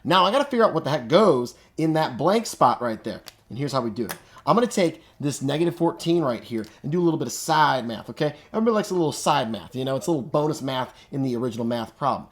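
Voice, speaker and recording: Talking fast with hardly any pauses, a man with an expressive medium-pitched voice explains math in a casual classroom style. He's upbeat, uses slang, and talks himself through every step.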